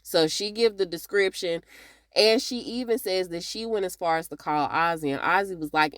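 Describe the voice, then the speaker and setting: A woman's voice: lowish voice, moderate pace, a bit bright, no echo, clean studio sound. A woman giving a casual, chatty TV episode recap, talking straight to her viewers. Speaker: TV recap reviewer.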